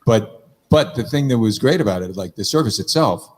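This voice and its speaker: A man's voice: on the low side, lively intonation, a little fast. Rambling, swearing middle-aged man. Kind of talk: casual chat.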